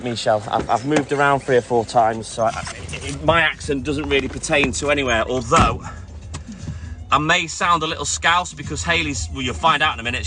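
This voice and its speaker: This mid-range male voice comes through against a noisy background. It belongs to a middle-aged self-employed milkman chatting on a live stream while he works his night deliveries, saying hello to viewers and answering comments between stops.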